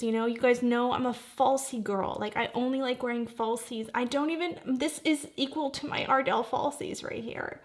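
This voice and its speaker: A woman's voice: a little high, moderate pace, fairly bright tone. Effusive woman in her forties. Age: 40s. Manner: effusive, gushing exclamations. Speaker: beauty vlogger. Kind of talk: casual makeup review.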